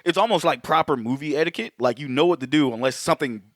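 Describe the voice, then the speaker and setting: A man's voice: a little high, fast talker, no echo, clean studio sound. A man co-hosting a podcast, telling stories in casual chat, swearing freely and laughing often. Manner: profane, storytelling, laughs often. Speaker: podcast co-host.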